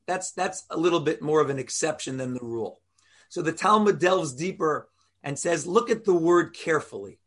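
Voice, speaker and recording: A man's voice: a little high, lively intonation, moderate pace, breathy edge. A rabbi teaching an informal Torah class, explaining step by step and quizzing his listeners in a conversational way.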